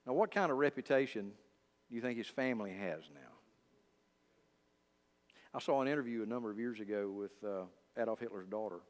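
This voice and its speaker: A male pastor teaching a Bible study in a conversational way, speaking straight to his listeners with lively asides. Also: on the low side, a little fast, long pauses. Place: church. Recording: long church reverb.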